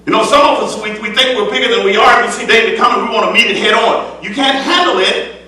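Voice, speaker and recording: High-voiced man preaching in an echoey church. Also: fast, distant mic. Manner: emphatic preaching with repeated phrases; swings between loud declaiming and soft asides. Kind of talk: sermon. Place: church sanctuary.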